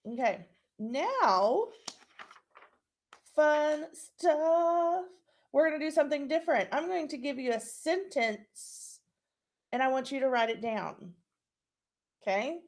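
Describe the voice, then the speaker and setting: A woman teacher giving a recorded lesson to young pupils, speaking slowly and clearly and checking in often with "okay?". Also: high voice, lively intonation. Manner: slow, clear instructional delivery with frequent checks. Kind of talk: recorded online class lesson.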